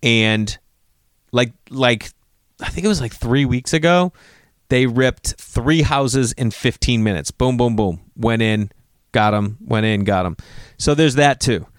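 A man's voice: medium pitch, unhurried, no echo, studio quality. A man telling a story in casual talk, swearing freely and acting out what people said. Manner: animated, profane, acts out quotes.

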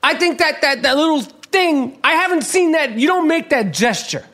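A man rants as a podcast host, his voice pitched unusually high. He swears constantly and breaks into shouting tirades. Faint music plays behind him. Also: animated, normal speed. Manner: swears heavily and shouts in bursts. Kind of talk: profane, animated podcast rant.

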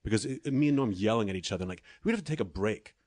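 A comedian guest trades stories in a relaxed, casual chat, his lowish voice quick and dryly sardonic. Now and then he slips into quick impressions of the people involved. The sound is close and dry, with no room sound at all.

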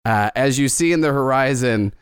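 A man's voice: medium pitch, moderate pace, clean tone, dry recording, studio quality. A man narrating as game master, rambling and often breaking into giggles.

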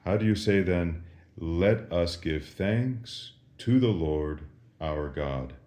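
A very deep-voiced priest teaches Latin prayers at a deliberately slow pace. He asks each question and leaves a patient pause before he answers it. His voice carries a roomy echo. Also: mellow. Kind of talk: slow catechism lesson with call and response.

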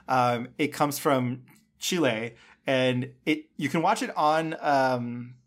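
A man's voice: medium pitch, slow. A man co-hosting a film review podcast, talking in an effusive, casual way with lots of filler words. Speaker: podcast co-host.

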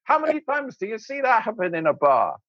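A man, an interview guest, telling anecdotes in an animated way, laughing often and acting out voices. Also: sits high, a little fast, no echo, muffled recording. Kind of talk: anecdotal storytelling.

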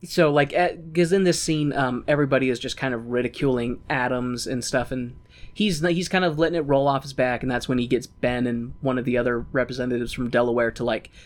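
A man's voice: mid-range voice, steady tone, fairly quick. A man co-hosting a podcast, retelling a story in a rambling, laughing casual chat. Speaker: podcast co-host.

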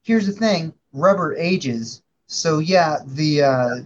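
A man guest on a talk show, telling a story in a halting, stammering way. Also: fairly high pitch, expressive, dull audio, a little hiss or hum. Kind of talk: casual chat.

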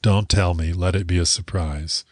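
A shy, hopeful male amphibian alien in a storybook, voiced by a man. He sounds eager and soft. The voice is deep, and the sound is dry and close. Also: fairly even intonation, normal speed, no echo.

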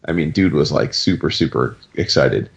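A man's voice: a bass voice, normal speed, gravelly, dull audio. A man co-hosting a casual podcast chat, telling stories and acting out what others said. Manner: animated storyteller, acts out others' lines. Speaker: podcast co-host.

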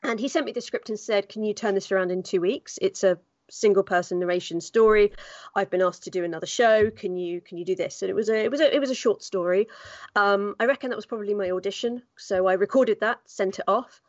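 A woman's voice: mid-range voice, quick pace, a little mellow, dry recording, dull audio. A woman voice actor chatting as a podcast guest, telling stories and acting out quoted voices. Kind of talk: casual podcast chat.

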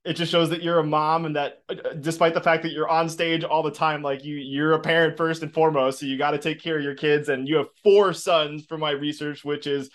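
A man's voice: fairly high pitch, level tone, brisk, few pauses, fairly bright tone. A man hosting a podcast, talking to his guest in an enthusiastic, loose, rambling way. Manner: enthusiastic, loose, with fillers and restarts. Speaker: podcast host. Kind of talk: conversational podcast interview.

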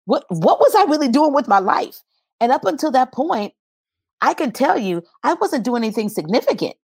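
A woman's voice: high voice, sing-song, normal speed, a little mellow, husky, no echo, clean studio sound. A woman guest telling a personal story in earnest, testimony style, in an interview.

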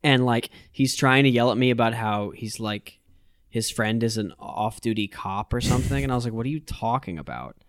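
A man's voice: mid-range voice, a little fast, no echo, clean studio sound. A man in casual podcast chat, crude and joking, laughing often.

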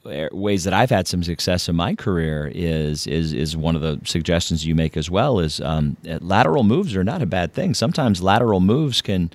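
Deep-voiced male interview host. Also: dry recording. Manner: halting, with many restarts while framing questions. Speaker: podcast host. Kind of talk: conversational interview.

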